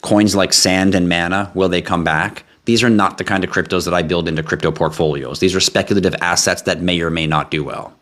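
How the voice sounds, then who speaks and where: A man's voice: low voice, steady tone, brisk, few pauses, fairly bright tone. A man hosting a casual live stream, reading out viewer questions and answering them in a blunt, offhand, joking way.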